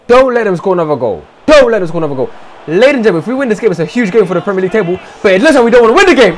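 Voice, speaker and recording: A young man giving loud, swearing live commentary over a football video game, swinging from shouts to low mutters. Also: very animated, very fast, background noise. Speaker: gaming streamer.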